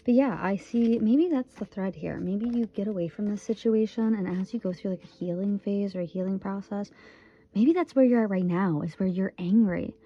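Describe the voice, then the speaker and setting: A woman in her twenties from Michigan, USA, gives a casual, earnest tarot reading, repeating phrases for emphasis. Her medium-pitched voice moves at a moderate pace, and the recording has a lo-fi sound.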